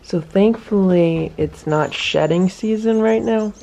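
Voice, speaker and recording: A woman filming a casual vlog about her cats, chatting about their routines and coaxing them with a high voice. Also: slow pace, creaky, mellow, slight background noise. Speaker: cat vlogger. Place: indoor room with cats.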